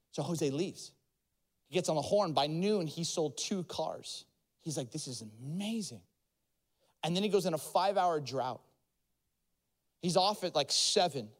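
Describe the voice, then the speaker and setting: A man preaching a sermon, telling a story with acted-out voices and rising to shouted peaks. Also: sits high. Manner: animated storyteller, acts out characters, builds to shouted climaxes. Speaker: pastor.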